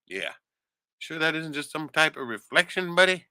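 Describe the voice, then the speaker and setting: A man's voice: a little high, very animated, moderate pace, pushed and bright, clean tone, no echo. A man giving sarcastic, profane commentary on video clips as the host of a streamed show. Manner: sarcastic, swears a lot.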